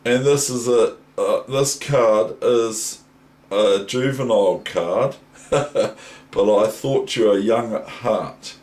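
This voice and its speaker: In a roughly recorded casual vlog, an older New Zealand man who teaches chess rambles and talks to his toys, saying "um" a lot. His voice is lowish, slow and a little mellow.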